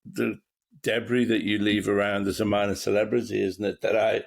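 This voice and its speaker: A man's voice: on the low side, little pitch movement, moderate pace, vocal fry. A man hosting a podcast, chatting casually and telling wry, rambling anecdotes. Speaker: podcast host. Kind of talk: casual chat.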